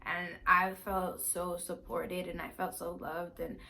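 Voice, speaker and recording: A young woman vlogger telling a personal story in a casual, animated, emphatic way. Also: fairly low pitch, measured pace, vocal fry.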